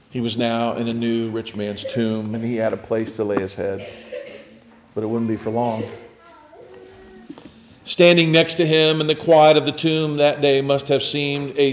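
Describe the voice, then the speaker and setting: A man preaching a sermon, retelling scripture in a reflective storytelling way, often dropping to a near hush. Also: medium pitch.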